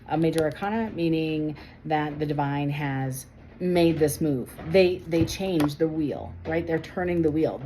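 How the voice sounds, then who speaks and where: A woman in her forties giving a casual tarot reading and telling personal stories, emphatic and animated, repeating phrases for stress. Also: deep voice, a little hiss or hum, low-quality recording. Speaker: tarot reader.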